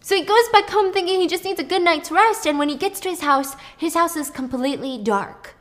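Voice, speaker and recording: A young woman casually retelling a plot in an animated, chatty way, swearing now and then. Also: very high voice, a little fast.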